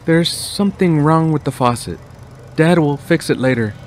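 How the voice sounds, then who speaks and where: A man's voice: fairly high pitch, moderate pace, voice pushed up, close to an everyday voice. A man voicing a stern, secretive middle-aged mother who speaks in clipped commands, in a spoken horror story. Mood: insistent. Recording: noisy home recording.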